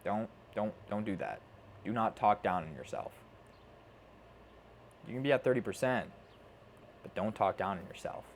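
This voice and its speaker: A man's voice: lowish voice, animated, normal speed, long pauses. A man coaching viewers on self-improvement in a casual, earnest motivational talk, often repeating himself and swearing now and then. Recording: faint background noise.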